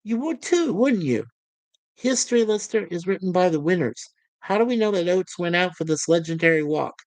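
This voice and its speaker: A woman's voice: on the low side, expressive, normal speed, a little mellow, dry recording, lightly acted. A woman voicing a smug, cynical male officer who rants in a sneering way. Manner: sneering, ranting.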